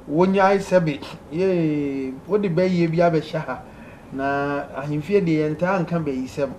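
Male call-in host, upbeat, reads messages and laughs; higher voice, light noise behind. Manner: lively, laughing, pleading with callers to speak. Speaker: radio host reading listener messages. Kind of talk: call-in advice show.

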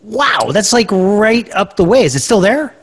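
A man hosting a podcast interview over a video call, asking questions and throwing in quick joking remarks. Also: high voice, big pitch swings, breathy edge. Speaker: podcast host. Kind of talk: casual interview.

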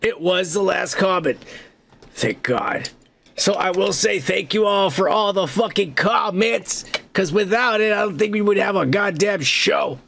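Profane, high-voiced man hosting a podcast. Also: unhurried, vocal fry, fairly bright tone, slight background noise. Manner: profane, rambling and laughing. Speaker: podcast host. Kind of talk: casual comedic storytelling.

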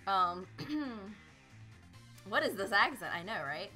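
Bubbly woman streaming a game live, bright lively voice, chatting with viewers, faint music behind. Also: medium pitch, slow. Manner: bubbly, greets chat, laughs often. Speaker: livestream host playing a video game. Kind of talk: casual live gameplay chat.

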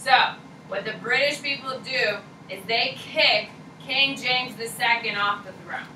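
A woman's voice: on the high side, a little slow, pushed and bright. Woman teacher lecturing a class from afar. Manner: casual, joking, repeats key points for note-taking. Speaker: high school history teacher. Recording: echoey classroom from far off, noisy.

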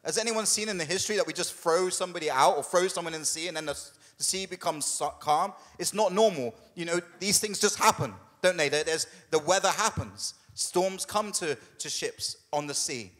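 A man preaching a sermon as a pastor, conversational and humorous, putting on quick voices for the people in his story. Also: a little high, fairly bright tone, big-room sound. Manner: conversational and humorous, with quoted asides. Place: church hall.

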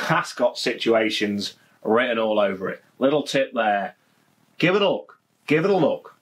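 This fairly bright, lowish male voice belongs to an Englishman with a Leicestershire accent. He's reviewing a beer at home in his garden outside, joking around in a casual chat and frequently saying the same phrases again.

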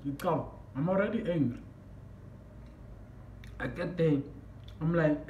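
A man telling a story on his vlog, animated and excitable, breaking into shouts, recorded in an echoey room. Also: on the high side, slow pace, pauses often. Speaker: vlogger. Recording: echoey room, mic at a distance, faint background noise.

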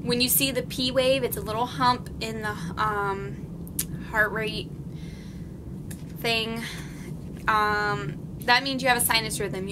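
A woman's voice: on the high side, background noise. A young woman vlogging as a nursing student, recapping her class in a casual, chatty way with frequent ums. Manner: chatty, many ums, explains plainly. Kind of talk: casual study recap vlog.

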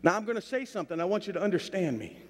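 A man's voice: high voice, very animated, racing. A middle-aged male pastor telling a story in a sermon, with a folksy, anecdotal way of talking and bursts of stronger preaching emphasis. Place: church sanctuary. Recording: long hall reverb of a church sanctuary.

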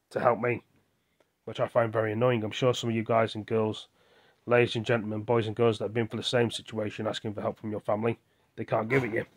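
A man venting his frustrations in a rambling video monologue, often asking and answering his own questions. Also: mid-range voice. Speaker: vlogger.

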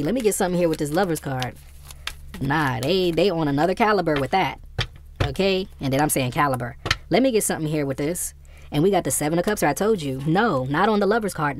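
A woman giving a casual tarot reading to her viewers, blunt and profane, growing animated and exasperated. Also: deep voice, slight background noise. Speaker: tarot reader.

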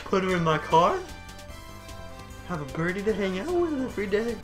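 Brief: male let's-play commentator, slightly high voice, rambling goofy banter, game music clearly underneath. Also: big pitch swings, moderate pace. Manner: rambling, jokey, mock-philosophical. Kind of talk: casual gaming banter.

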